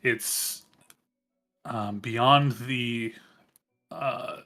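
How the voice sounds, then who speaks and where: A man running a tabletop game as game master, unhurried and pausing often between thoughts. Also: mid-range voice, bright, forceful tone. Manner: unhurried, with many ums and pauses.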